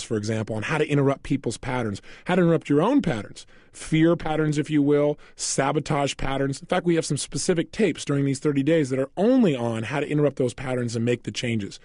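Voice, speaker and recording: A man talks through a motivational lesson like a story, laughing now and then as he goes. His voice sits a little high and swings widely in pitch. The recording is dry and close, with no room sound. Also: dry recording. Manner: animated storytelling, laughing often. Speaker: self-help coach.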